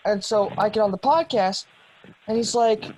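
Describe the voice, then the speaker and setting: A man's voice: sits high, moderate pace, a little mellow, slight background noise, poor audio. A young man co-hosting a podcast, telling a long story in a casual, rambling way with lots of ums and restarts. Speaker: podcast co-host. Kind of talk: casual chat.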